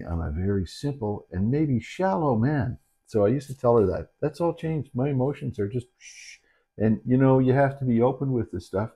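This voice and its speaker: A middle-aged man, a dementia caregiver, talking candidly and haltingly in a reflective personal video, with many restarts. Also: lowish voice, warm tone. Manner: earnest and candid. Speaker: dementia caregiver and channel host. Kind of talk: reflective personal talk to camera.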